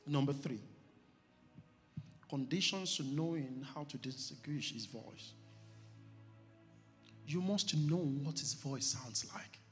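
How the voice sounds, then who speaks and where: Pastor preaching in a reverberant hall. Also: male voice, fairly high pitch, a bit bright. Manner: preaching with rising emphasis and slow stressed phrases. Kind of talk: sermon. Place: church hall. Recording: church hall reverb with music behind.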